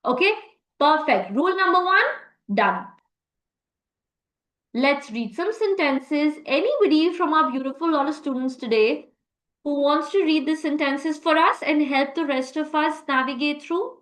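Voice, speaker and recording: A woman with a high, light voice leads a live online language class over a video call. She explains rules patiently and praises her students often. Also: measured pace, fairly bright tone, roomy sound, poor audio. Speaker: French teacher.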